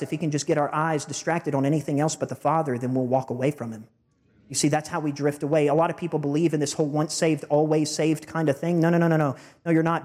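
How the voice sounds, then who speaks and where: Pastor, thirties, male, slightly high voice, earnest and heartfelt, preaching under long church reverb. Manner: earnest, heartfelt, addresses the congregation directly. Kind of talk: sermon. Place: church sanctuary.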